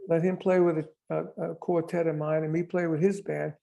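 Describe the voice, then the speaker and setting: An older man spins a rambling backstage story with a gravelly, slightly high voice. He acts out the other people's lines as he goes. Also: level tone, a little fast, dark tone. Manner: rambling anecdotal storytelling with acted-out quotes. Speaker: drummer guest. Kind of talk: storytelling interview.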